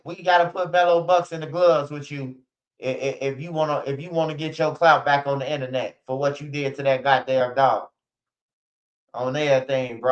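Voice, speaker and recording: A man's voice: a little high, a bit bright, lo-fi sound. A man ranting bluntly in casual street slang, repeating himself and swearing often. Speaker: streamer.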